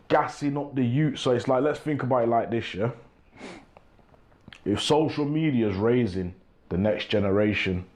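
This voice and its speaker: A young Englishman with a mellow, lowish voice hosts his own show, delivering a casual monologue to camera. He's laid-back and keeps asking "you get me."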